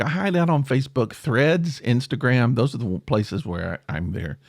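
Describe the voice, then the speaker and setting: A middle-aged man hosting a casual solo podcast, rambling and self-deprecating, jumping up in pitch for emphasis. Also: lively intonation, normal speed, no room sound, clean studio sound. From American South. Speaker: podcast host.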